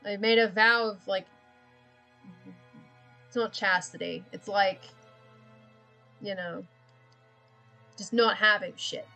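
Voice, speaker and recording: A woman's voice: mid-range voice, fairly even intonation, slow pace, creaky, pauses often, pushed and bright, faint music behind. A woman chatting casually on a livestream while she draws, rambling, thinking aloud and often giggling. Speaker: streamer.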